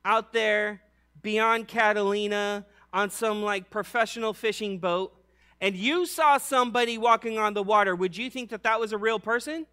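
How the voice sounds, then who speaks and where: A man preaching a casual sermon, slangy and conversational, telling the story with animated acted-out bits. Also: sits high, moderate pace, clear, resonant tone.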